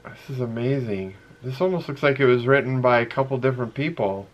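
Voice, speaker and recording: A middle-aged man casually chatting as he opens fan mail, earnest and emotional, halting with many fillers and reading letters aloud slowly. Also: mid-range voice, muffled recording. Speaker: vlogger opening fan mail. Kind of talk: casual chat.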